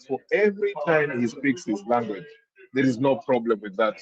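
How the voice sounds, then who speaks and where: Kenyan man, muffled call audio. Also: mid-range voice. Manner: rambling, frequent restarts, mixes Swahili into English. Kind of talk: casual panel chat.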